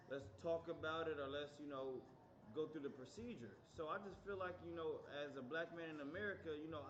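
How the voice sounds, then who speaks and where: A young man who is a guest on a livestream, giving his view in a measured way and searching for words. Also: a little high, a little hiss or hum. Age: young adult. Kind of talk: casual discussion. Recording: roomy, dull sound.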